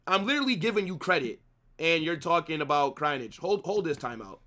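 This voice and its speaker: High bright-voiced ranting football streamer. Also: male voice, expressive, normal speed, long pauses. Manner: profane, ranting, repeats himself. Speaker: streamer hosting a football watch-along. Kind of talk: live watch-along rant.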